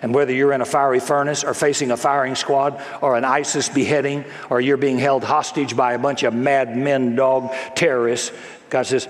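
A man's voice: mid-range voice, steady tone, normal speed. A man preaching a sermon, dramatically acting out the voices of the people he quotes. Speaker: pastor. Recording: echoey hall with long reverb.

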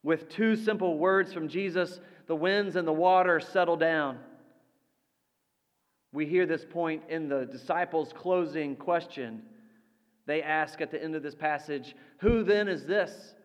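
A man preaching a sermon as pastor, slow and deliberate, letting his voice drop soft for quoted lines. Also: a little high, highs cut off. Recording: long reverb of a large hall.

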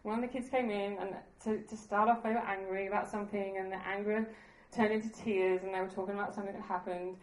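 A woman's voice: medium pitch, little pitch movement, fast talker, hardly any pauses, roomy sound, poor audio. A woman preaching a sermon in an earnest, conversational way, laughing at herself now and then.

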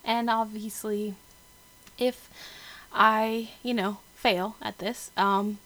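A woman's voice: medium pitch, fairly even intonation, slow pace, a bit bright, poor audio. A woman hosting a casual solo podcast, bubbly and chatty, who laughs at herself and uses lots of filler words. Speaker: podcast host.

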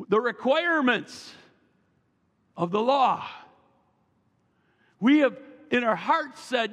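A man's voice: very high voice, animated, slow pace, pauses often, a bit bright. A male pastor preaching a sermon with emphasis and calling the congregation to repeat after him. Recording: long reverb from a large hall.

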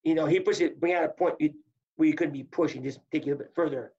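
Gravelly husky man telling wrestling stories. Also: on the high side, fast talker, lo-fi sound. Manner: animated storyteller acting out quotes. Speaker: guest, former wrestler. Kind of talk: casual storytelling.

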